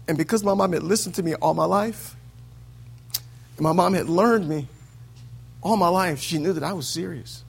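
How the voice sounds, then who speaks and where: Gravelly-voiced male preacher, sing-song cadence. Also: high voice, normal speed, long pauses. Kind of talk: sermon.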